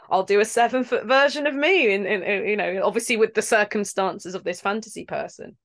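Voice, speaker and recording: A woman from London who acts in video games, talking in a casual interview in an animated, rambling way and laughing between thoughts. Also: medium pitch, a little fast. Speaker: video game actor guest.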